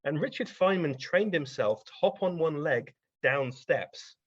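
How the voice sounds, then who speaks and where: A man's voice: medium pitch, normal speed, few pauses, dry recording. A man, a guest on an interview show, telling anecdotes in a casual, rambling way with frequent ums. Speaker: guest science writer. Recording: dry, slightly dull podcast audio.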